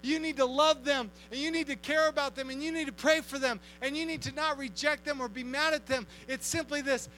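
A man preaching an energetic youth sermon, acting out quotes and shouting at times. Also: very high-pitched, fairly quick, few pauses, a little hiss or hum, low-quality recording. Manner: animated, acts out quotes, shouts and laughs. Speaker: youth pastor.

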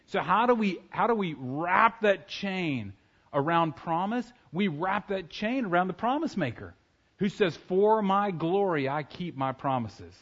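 A man preaching a sermon in church, talking casually and joking with the congregation, now and then breaking into loud acted shouts. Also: sits high, lively intonation, measured pace, highs cut off. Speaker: pastor. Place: church sanctuary.

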